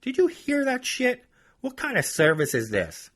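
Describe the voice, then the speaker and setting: A man voicing a rude, entitled woman who curses and shouts demands at a parking attendant. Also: huge pitch swings, moderate pace, breathy edge, exaggerated voice. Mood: angry, shouting. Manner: cursing, demanding, shrill.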